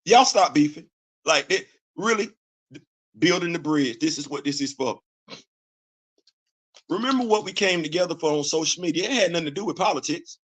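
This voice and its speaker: A man's voice: fairly high pitch, animated, a little fast. A middle-aged American man hosting a show, delivering a heated, blunt political rant. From United States. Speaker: host.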